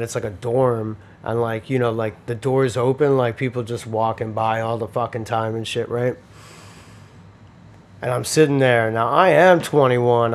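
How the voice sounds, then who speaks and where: A man in his early forties telling a profane, laughing story in casual chat. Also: mid-range voice. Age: 40s. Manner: storytelling, swears freely, laughs often.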